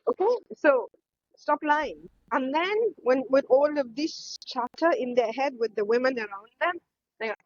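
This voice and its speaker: A woman's voice: high voice, expressive, measured pace, no room sound, muffled recording. A woman in her fifties co-hosting a podcast in casual opinionated chat, ranting animatedly and mocking other people's voices. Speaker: podcast co-host.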